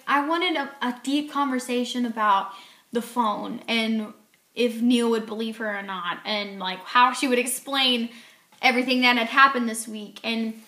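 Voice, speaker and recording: A woman talks through a book in a casual vlog, retelling the story and acting out the characters' lines. Her voice is bright and a little high. It echoes around the room. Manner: chatty retelling, acting out quotes. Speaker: book reviewer.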